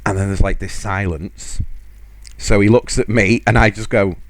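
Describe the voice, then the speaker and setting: A man's voice: lowish voice, fairly even intonation, moderate pace, no room sound. A man hosting a podcast, chatting casually and laughing often as he tells a story. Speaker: podcast host.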